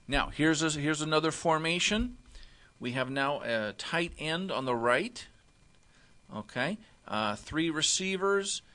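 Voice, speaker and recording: A man teaching football defensive alignment step by step, often pausing to check with "okay?". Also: fairly high pitch, pushed and bright. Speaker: football coach. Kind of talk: instructional walkthrough.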